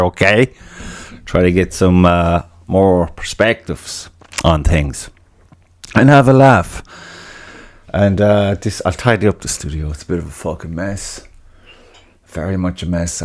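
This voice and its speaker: A middle-aged man, hosting a casual solo podcast in a rambling, profane, self-mocking way. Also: low voice. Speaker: podcast host.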